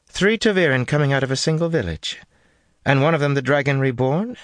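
A man's voice: mid-range voice, animated, fairly quick, no room sound, clean studio sound, voice pushed up, natural voice. A man voicing a haughty woman of power who talks firmly and condescendingly. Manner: firm, condescending.

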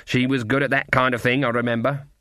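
A man voicing a stern, commanding old witch woman who speaks in a gruff, clipped way. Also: medium pitch, little pitch movement, fast, pushed and bright, dry recording, clean studio sound, natural voice. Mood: grim. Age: over 60.

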